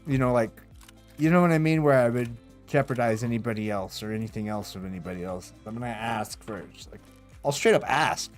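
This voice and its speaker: A man's voice: mid-range voice, a little fast, soft background music. A man streaming a game, telling a rambling story casually, swearing often and laughing as he goes. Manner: profane, rambling, animated retelling with laughs.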